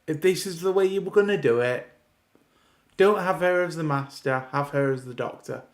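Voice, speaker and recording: A video reviewer with a fairly high voice, speaking at normal speed, gives a casual reaction to a TV episode. He rants in exasperation and keeps restarting his sentences.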